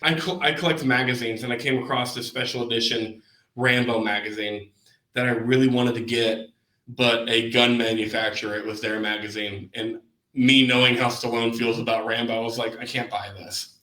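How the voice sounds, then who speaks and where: A man's voice: mid-range voice, flat delivery, normal speed, pushed and bright, echoey room, rough recording. A man co-hosting a movie podcast, talking casually and swearing now and then. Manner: casual, profane, enthusiastic. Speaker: podcast co-host. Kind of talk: casual chat.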